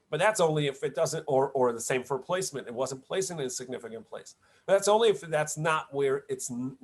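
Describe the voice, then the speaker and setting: A man, a rabbi, giving an online Talmud lesson, explaining each passage in an unhurried, halting way with many fillers and restarts. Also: medium pitch. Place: home setup, online class.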